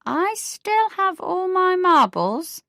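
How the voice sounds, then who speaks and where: A woman's voice: very high-pitched, sing-song, slow, fairly bright tone, no echo, studio quality, pitched above the performer's own voice, full character voice. A woman putting on a prim, fussy old neighbour lady. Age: older. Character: prim elderly woman neighbour, gossipy and proud.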